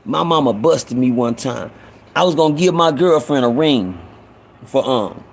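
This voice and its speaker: A man's voice: mid-range voice, animated, a little slow, gravelly. A man telling a rambling, profane story from his own life in a casual way, with many restarts. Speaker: storyteller host.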